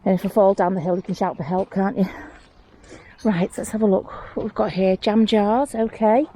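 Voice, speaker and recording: A woman's voice: medium pitch, moderate pace, slight background noise. Chatty woman. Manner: chatty, excitable over small finds, talks to herself and the viewer. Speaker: mudlarking vlogger. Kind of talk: casual running commentary while searching. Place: outdoors on a hillside rubbish tip.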